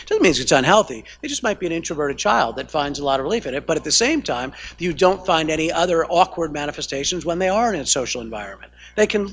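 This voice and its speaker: A man's voice: fairly high pitch, a bit bright, slightly rough. An American man, a counselor, teaching a family training session in a conversational lecture style, often checking in with "right?" and correcting himself mid-sentence. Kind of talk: lecture to a live audience.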